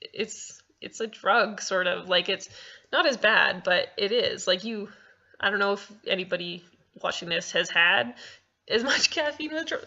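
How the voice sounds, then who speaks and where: A woman's voice: mid-range voice, unhurried, sharp tone, dull audio. A young woman answering viewer questions in a casual vlog, bubbly and giggly, rambling with many ums and restarts.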